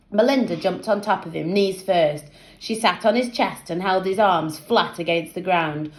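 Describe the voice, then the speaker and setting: A woman teacher reading a children's book aloud with lively storytelling. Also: fairly low pitch, reverberant, rough recording.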